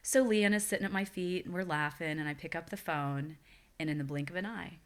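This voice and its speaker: As a guest in a podcast interview, this woman in her forties recounts something personal, earnest and reflective. She talks fairly quickly in a voice on the low side.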